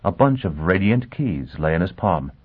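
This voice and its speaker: A man narrating a story in a measured, dramatic way. His voice sits fairly low. The sound is thin and tinny, like a phone line. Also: sing-song, husky. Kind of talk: audiobook narration.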